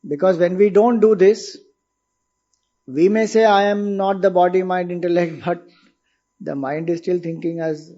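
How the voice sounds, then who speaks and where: A man's voice: a little high, gravelly, warm tone. A man with an Indian English accent giving an informal spiritual talk, explaining ideas conversationally and asking his listeners rhetorical questions. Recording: dull lo-fi recording.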